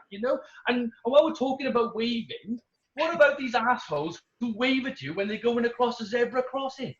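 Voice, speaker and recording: A British man doing wry, deadpan observational stand-up comedy. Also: very high-pitched, brisk. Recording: roomy, dull-sounding.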